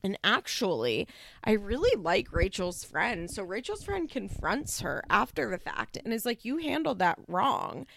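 A woman's voice: medium pitch, sing-song, a little slow, creaky, a bit bright, no echo. A woman recapping a reality show in a casual monologue, talking bluntly and candidly with plenty of swearing and filler "like.".

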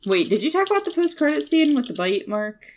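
A woman's voice: sits high, very animated, brisk, a little mellow, a little hiss or hum. A young woman co-hosting a podcast, chatting casually and thinking aloud with many fillers. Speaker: podcast co-host. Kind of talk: casual chat.

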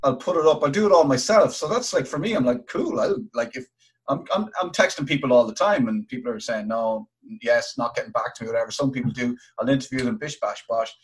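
An Irish man with an ordinary mid-range voice chats casually as a podcast guest. He talks in a quick, breezy way with easy laughs. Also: medium pitch. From Ireland. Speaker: guest, TV presenter. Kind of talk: casual interview chat.

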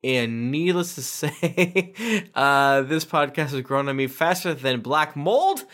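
A man's voice: on the high side, expressive, slow, a bit bright. Man playfully reading reviews aloud. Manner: reads aloud with playful voices and asides. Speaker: podcast host reading listener reviews. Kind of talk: casual podcast chat.

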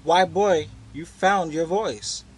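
A man voicing a lively, curious young girl in a storybook reading, speaking eagerly and a little haughtily. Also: mid-range voice, a little fast, slightly rough, voice pushed up, poor audio. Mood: excited.

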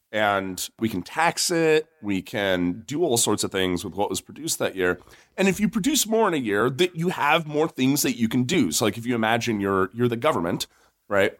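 A man co-hosting an economics discussion, explaining in a casual, animated way and telling a joke with voiced characters. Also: medium pitch, moderate pace.

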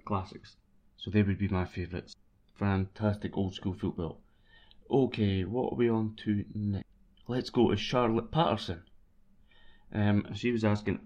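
Rambling man, low and muffled. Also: steady tone, unhurried, long pauses, a little mellow. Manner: rambling, self-mocking, bursts into sung chants. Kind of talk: casual chat about football. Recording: dull lo-fi recording.

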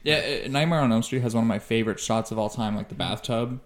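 A man's voice: medium pitch, quick pace. A man co-hosting a podcast, chatting in a laid-back, agreeable way and swearing casually. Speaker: podcast co-host. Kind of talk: casual chat.

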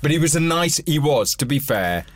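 Lively man telling a story. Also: fairly high pitch, moderate pace, dry recording. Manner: animated anecdote teller, acts out voices. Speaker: podcast co-host. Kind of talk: casual chat.

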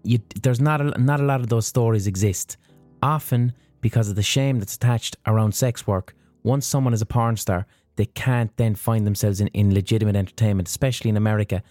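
A man's voice: on the low side, fairly even intonation, a little fast, darkish tone, no room sound, soft background music. A man hosting a podcast, telling a story in a casual, profane monologue. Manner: profane, storytelling with acted-out quotes. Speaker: podcast host.

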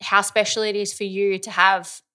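A woman's voice: mid-range voice, flat delivery, moderate pace, pushed and bright. A young woman co-hosting a podcast in casual chat, bubbly and emotional, often laughing. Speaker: podcast co-host.

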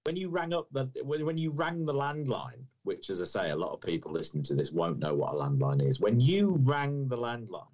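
A man's voice: mid-range voice, animated, brisk, few pauses, a little mellow, muffled recording. A young man co-hosting a casual podcast, joking and teasing with rambling questions. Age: young adult. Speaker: podcast co-host.

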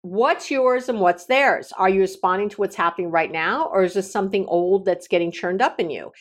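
A middle-aged woman, a relationship coach and consultant, gives podcast advice in a brisk, mid-range voice. She tells stories with animation and acts out the quoted dialogue.

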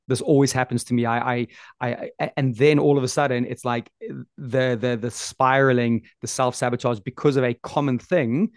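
A man's voice: medium pitch, no room sound, studio quality. A man hosting a casual interview, chatty, laughing easily and stumbling over his words as he asks questions. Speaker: podcast host.

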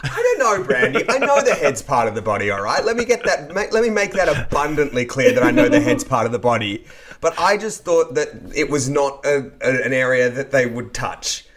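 Man, wry, self-deprecating, lively pitch, podcast banter. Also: fairly quick. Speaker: podcast co-host, comedian. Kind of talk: casual comedic chat.

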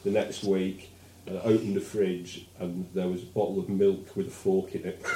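A lowish, mellow-voiced man with a posh English accent, co-hosting a casual podcast. He rambles wryly through stories. His voice carries a roomy echo. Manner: rambling, wry, storytelling. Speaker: podcast co-host. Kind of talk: casual chat.

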